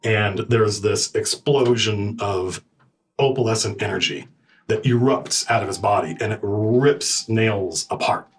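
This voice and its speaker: A man's voice: lowish voice, measured pace. A man running a tabletop game as game master, describing scenes vividly and speaking for his characters.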